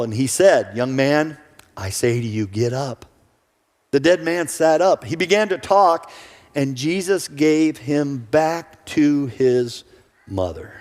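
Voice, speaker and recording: A man's voice: mid-range voice, a little mellow. A male pastor giving an earnest sermon who often repeats his first words when starting a sentence. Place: church sanctuary. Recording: church hall reverb.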